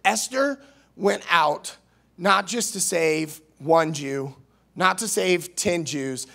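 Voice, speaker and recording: A man from Missouri preaching a sermon as youth minister, earnest, restarting words, swinging between loud and soft. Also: high voice, takes it slowly, gravelly. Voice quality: nasal at times. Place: church.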